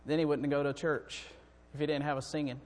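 A man preaching a sermon, swinging from quiet talk up to fervent, shouting peaks. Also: a little high, level tone, fairly quick. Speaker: preacher and song director. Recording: long hall reverb.

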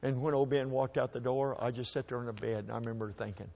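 A man telling a personal story to an audience at a microphone, in a folksy, halting way that often repeats words as he restarts. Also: medium pitch, fairly even intonation, vocal fry, darkish tone.

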